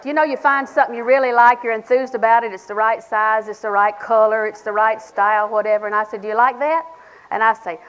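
A woman's voice: fairly high pitch, fairly even intonation, fairly quick, a bit bright, lo-fi sound, some chatter behind. Folksy woman preaching, light noise. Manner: folksy, humorous, acts out little dialogues. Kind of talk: sermon to a women's audience.

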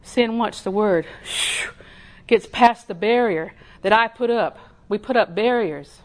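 In an unhurried, mid-range voice, a woman gives a conversational sermon full of homespun stories. She laughs through asides, performs other people's voices and sinks into whispers to make her points land.

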